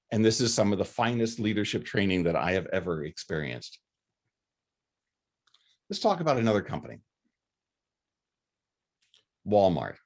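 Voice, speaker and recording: A man's voice: lowish voice, a little mellow. A man giving a faculty lecture in an earnest, conversational way, often restarting his phrases. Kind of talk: recorded lecture.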